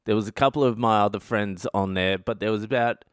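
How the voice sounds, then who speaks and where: An Australian man in his thirties, a comedian hosting a podcast, telling a personal story in a profane, blunt and animated way. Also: on the low side, brisk, smooth, no echo, clean studio sound.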